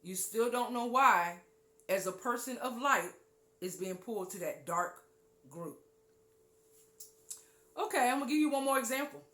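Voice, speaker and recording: A woman hosting a spiritual talk show. She gives an animated teaching monologue, drops low and quiet on key points, and acts out listeners' voices. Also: unhurried, pauses often, reverberant.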